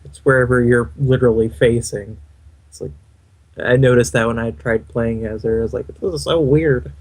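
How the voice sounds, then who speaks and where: Male gamer co-host, husky voice, easygoing wry replay commentary. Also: medium pitch, little pitch movement, normal speed. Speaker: gaming channel co-host.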